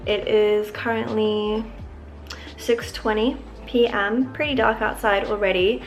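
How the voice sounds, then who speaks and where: Chatty Australian woman with a gravelly edge. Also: mid-range voice, fairly even intonation, unhurried, soft background music. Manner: chatty, lots of "like" fillers. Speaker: lifestyle vlogger. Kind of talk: casual vlog narration to camera. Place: at home.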